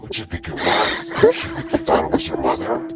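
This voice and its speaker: A man voicing a haggard, mocking female ghost who taunts in a hushed, low voice. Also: expressive, fairly quick. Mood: taunting.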